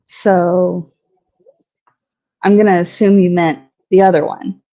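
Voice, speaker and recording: A woman's voice: lowish voice, little pitch movement, slow, mellow. A woman from Alabama, a guest on a podcast, chatting casually and asking short, direct questions. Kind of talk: casual chat.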